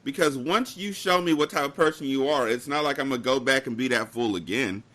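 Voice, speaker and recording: A young man co-hosting a podcast, telling a work story in casual chat with animated delivery and mock-formal phrasing. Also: mid-range voice, brisk. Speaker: podcast co-host.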